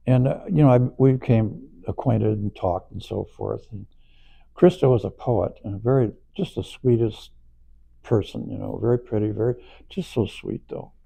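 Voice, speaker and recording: A man telling a story in a casual, animated way, acting out quoted voices and chuckling along. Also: fairly low pitch, measured pace, creaky, pauses often, husky. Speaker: storyteller recalling past events. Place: auditorium, on stage.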